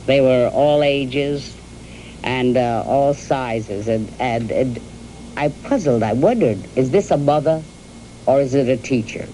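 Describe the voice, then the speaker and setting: Older woman recalling her youth, mellow. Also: a bass voice, slight background noise, poor audio. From New York, US. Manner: storytelling, halting with repeated words and fillers; addresses her husband directly. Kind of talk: reminiscing in an archival interview.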